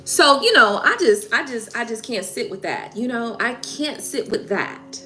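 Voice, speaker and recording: A woman's voice: on the high side, animated, unhurried, bright, forceful tone, soft background music. A woman hosting a live tarot stream, venting heatedly in casual talk, swearing and repeating herself.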